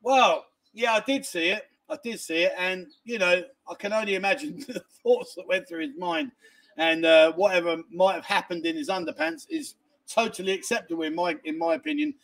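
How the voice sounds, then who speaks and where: A middle-aged man with a notably high-pitched voice, chatting casually on a livestream. He banters cheekily with viewers as he works through their comments, sounding short on sleep. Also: sing-song, fairly quick, creaky, a bit bright. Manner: cheeky, banters and laughs while reading comments. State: tired from lack of sleep. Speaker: livestream host.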